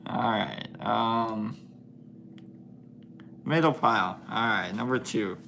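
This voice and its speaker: A man's voice: lowish voice, slow pace, creaky, noisy background. A man hosting a casual livestream, chatting with viewers while he paints, laughing often and thinking aloud with many fillers. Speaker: livestream host.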